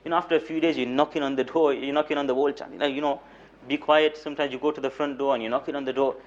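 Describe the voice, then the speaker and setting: A young man lecturing in a mosque as a moulana, telling stories with light humor, repeating words for emphasis and reciting Arabic rapidly. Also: medium pitch, fairly even intonation. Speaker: moulana giving a weekly lecture. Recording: dull lo-fi recording.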